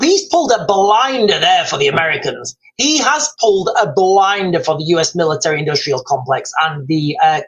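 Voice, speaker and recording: A man's voice: high-pitched, fairly bright tone, poor audio. A British man hosting a livestream, chatting through the news in a rambling, casual way and often saying "guys" and "like". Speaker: livestream host. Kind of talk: live-stream news commentary.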